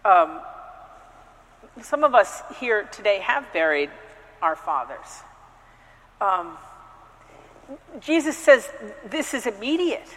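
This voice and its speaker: A woman's voice: medium pitch, very animated, slow pace, long pauses, a bit bright, big-room sound, poor audio. A woman priest giving a conversational sermon, telling personal stories with frequent restarts and hesitations. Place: church.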